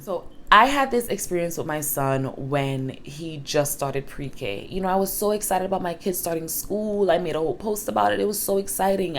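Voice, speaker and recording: Frank, emphatic woman with a low voice. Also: a little hiss or hum. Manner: emphatic, frank, casual swearing. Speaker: single mother vlogger. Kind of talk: candid personal storytelling to camera.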